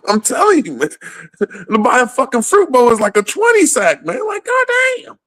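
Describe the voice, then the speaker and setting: A man's voice: very high-pitched, huge pitch swings, moderate pace, fairly bright tone, dry recording. A man in a casual comedic rant, swearing freely and laughing often in the middle of his sentences. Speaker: comedic ranter.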